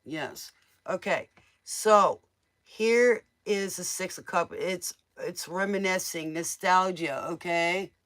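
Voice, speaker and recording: A woman's voice: fairly low pitch, slow pace, a bit bright. A woman giving casual, motherly tarot readings to viewers on a live stream. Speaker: tarot reader.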